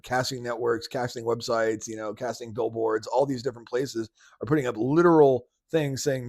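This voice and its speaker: A man's voice: medium pitch, fairly even intonation, normal speed, gravelly, few pauses, darkish tone, breathy edge, dry recording, studio quality. A man hosting a podcast, reacting to clips in casual, slangy talk with frequent laughs. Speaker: podcast host. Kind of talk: casual commentary.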